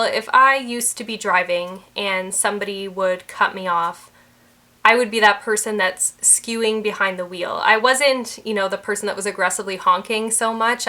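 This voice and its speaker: Young female mindset coach, bright tone, earnest and explanatory, talking-head delivery. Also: medium pitch. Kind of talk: talking-head advice video.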